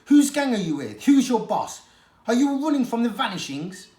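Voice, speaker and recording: A reader voicing a tough, suspicious female street cat in a storybook, with a gravelly, gruff, challenging delivery. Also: medium pitch, big pitch swings, moderate pace, voice pushed up, natural voice. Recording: echoey room.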